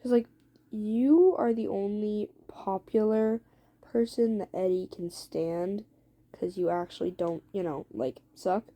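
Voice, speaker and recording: A woman's voice: medium pitch, measured pace, warm tone. A woman telling a second-person fan story aloud in a rambling, casual way, full of fillers and swearing.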